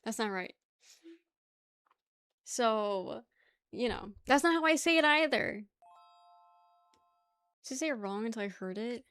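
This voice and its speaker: A young woman with a New York accent chats with her viewers in a slightly high voice. She teases and argues playfully and laughs often. The sound is dry and close. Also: animated, a little slow, pauses often, a bit bright, clear, resonant tone, no room sound. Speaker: streamer. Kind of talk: casual chat with viewers.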